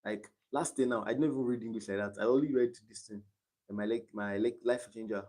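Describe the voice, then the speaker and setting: Nigerian teen guy going through quiz questions on a stream, lowish warm voice, reads options out and rambles a bit. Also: steady tone, a little fast. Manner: thinks aloud, reading quiz options aloud and chatting between them. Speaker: exam candidate streaming his study session. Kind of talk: casual livestream tutoring.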